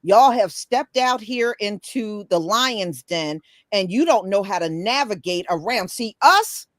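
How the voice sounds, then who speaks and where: A woman's voice: mid-range voice, animated, measured pace, no room sound, clean studio sound. A woman hosting a casual opinion talk, blunt and emphatic, swearing freely. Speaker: host.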